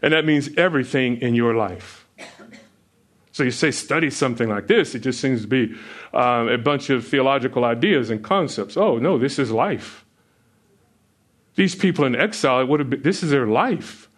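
A pastor preaches a sermon in an expressive voice at normal speed, chuckling between points. He keeps asking the listeners questions, and his pitch rises when he stresses a point.

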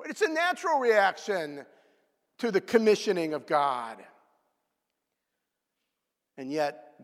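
Guy preaching, highish voice, super lively ups and downs, big echoey hall. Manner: animated, swings between loud outbursts and hushed asides. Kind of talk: sermon. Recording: long hall reverb.

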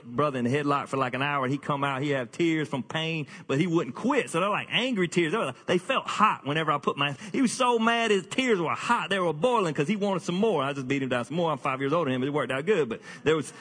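Male pastor, husky voice, lively jokey sermon delivery, long hall reverb. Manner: animated, jokey preaching with sudden high-pitched bursts.

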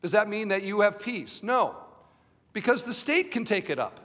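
Male pastor, high voice, middle-aged, emphatic sermon, rhetorical questions, long hall reverb. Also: big pitch swings, normal speed, fairly bright tone.

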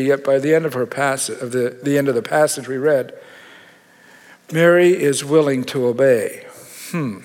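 A man's voice: a little high, animated, normal speed, fairly bright tone, big-room sound. A man preaching a sermon in a conversational, joking way with self-mocking asides. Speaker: pastor.

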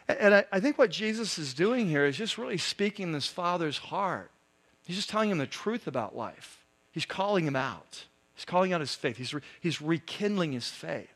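Male pastor, high voice, casual talky sermon delivery. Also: lively intonation, normal speed, a bit bright. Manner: conversational preaching with many asides and "right?".

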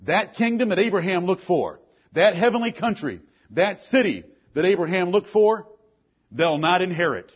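A man preaching a sermon with force, asking pointed questions and swinging between loud and low lines. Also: very animated, moderate pace, slightly rough, highs cut off. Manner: forceful preaching, rises and drops sharply, rhetorical questions. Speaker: pastor.

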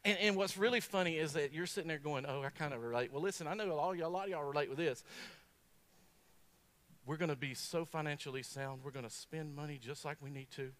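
A man preaching a sermon. He tells stories in a folksy, joking way, swinging between punchy bursts and quiet asides. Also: a little high, quick pace. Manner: folksy, humorous, animated storytelling.

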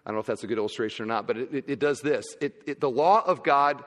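A man preaching a sermon as pastor, emphatic and swinging between loud and quiet. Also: mid-range voice, quick pace, in a large hall.

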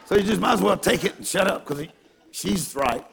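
A man preaching a sermon through a self-mocking story, animated and given to bursts of shouting. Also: high voice, brisk, vocal fry, a faint crowd.

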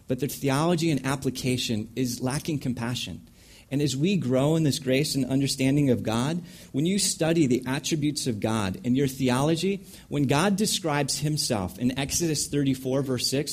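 Male Bible teacher, animated, acts out scenes, mid-pitched voice. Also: husky. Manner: lively, acts out scenes with sound effects. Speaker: Bible teacher leading a panel. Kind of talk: teaching talk on counseling.

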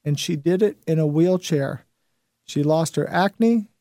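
A man's voice: a little high, unhurried, warm tone, no echo, studio quality. A man in his fifties hosting a show, giving an emphatic motivational talk and repeating his key phrases. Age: 50s. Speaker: host.

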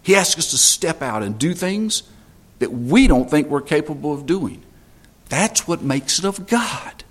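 A man's voice: on the high side, animated, a little slow. A man preaching a sermon as pastor, emphatic, repeating phrases for stress.

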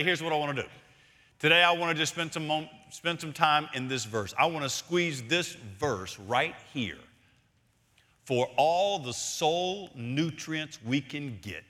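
A man preaching a sermon as senior pastor, emphatic and repeating key phrases, swinging between loud points and hushed lines. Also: a little high. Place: church sanctuary. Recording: long reverb of a large hall.

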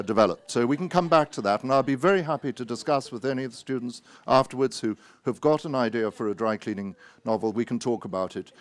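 A man, an author, giving a wry, anecdotal talk full of hesitant pauses and self-mocking asides. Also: medium pitch.

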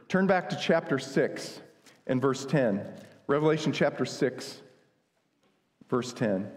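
A man's voice: a little high, expressive, unhurried, darkish tone. A man from the United States preaching a sermon, earnest and conversational, with asides and humor. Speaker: pastor. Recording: long hall reverb.

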